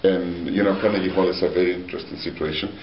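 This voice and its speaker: Deep-voiced man telling stories in a hall. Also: gravelly. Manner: animated storyteller, halting with many fillers. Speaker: opera singer, guest. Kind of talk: storytelling interview. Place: meeting hall. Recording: roomy, distant, dull with faint hiss.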